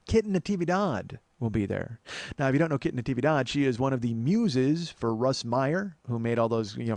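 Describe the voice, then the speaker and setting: A man in his forties rattles through a comedy podcast monologue at a quick clip, his voice sitting in a middling register. He is crude and self-mocking, wandering off on tangents between plugs, and the sound is dry and close. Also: medium pitch, darkish tone, dry recording. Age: 40s. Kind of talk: casual rambling monologue.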